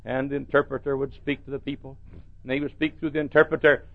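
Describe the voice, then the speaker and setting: A man's voice: medium pitch, level tone, quick pace, creaky. Preaching man, lo-fi church recording. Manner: preaching with big swings from soft to shouted. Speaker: pastor. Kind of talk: sermon.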